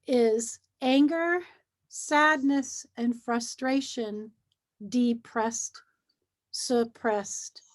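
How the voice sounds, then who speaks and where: A middle-aged woman speaking as a guest in a casual conversation, explaining feelings earnestly and acting out what people say to themselves. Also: sits high. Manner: earnest, animated, acts out feelings while explaining. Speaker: guest, hypnosis practitioner.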